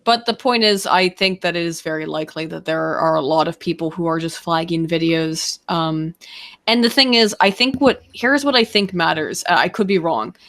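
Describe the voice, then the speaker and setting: Woman, stream co-host, tired strained voice, lower pitch, rambling profane chat. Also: normal speed, fairly bright tone. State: strained, worn-out voice. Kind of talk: casual livestream chat.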